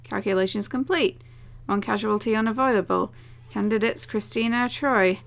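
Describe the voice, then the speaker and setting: A woman voicing a cold computer system in a game, reading out its announcements in a flat, clipped way. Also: mid-range voice, normal speed, gravelly, natural voice. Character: cold machine announcing casualty calculations.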